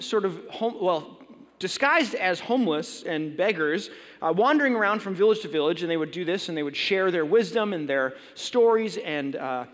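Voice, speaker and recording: Conversational pastor, fairly high voice, big hall. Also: male voice, fairly bright tone. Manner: casual, conversational, many fillers and restarts. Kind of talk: sermon with storytelling. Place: large church hall. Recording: long reverb in a large hall.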